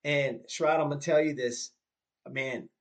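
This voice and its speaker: Animated fifty-year-old storyteller. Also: male voice, a little high, normal speed. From Southern California. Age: 50s. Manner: animated, repeats himself when moved, acts out his mom's lines. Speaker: guest. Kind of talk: storytelling in a podcast conversation.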